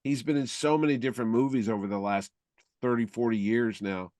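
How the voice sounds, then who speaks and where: A man co-hosting a podcast in casual chat, telling stories in a rambling, animated way. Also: mid-range voice, brisk, dry recording. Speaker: podcast co-host.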